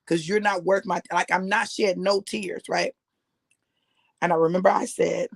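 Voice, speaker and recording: A woman's voice: lowish voice, steady tone, moderate pace, vocal fry, no room sound. A middle-aged woman preacher, giving an earnest personal testimony in a conversational sermon that repeats phrases for emphasis.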